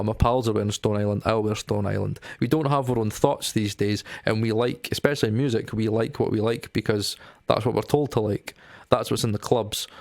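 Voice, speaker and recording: A young man talks casually to camera, rambling and stopping to say um between thoughts. His voice sits a little low and barely rises or falls. The sound is close and dry. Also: no room sound. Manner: rambling, lots of ums and restarts. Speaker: music vlogger.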